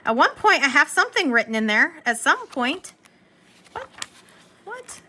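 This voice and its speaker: A woman's voice: high-pitched, sing-song, moderate pace, sharp tone. A young woman vlogging about her planners in a rambling, self-interrupting casual chat. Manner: scattered, self-interrupting, talks to her dog.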